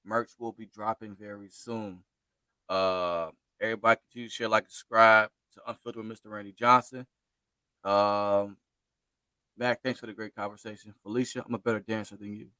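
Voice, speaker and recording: A man's voice: fairly low pitch, flat delivery, normal speed, sharp tone, clear, resonant tone, no echo. A man co-hosting a casual talk show who jokes and trash-talks in a playful way. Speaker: co-host. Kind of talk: casual podcast chat.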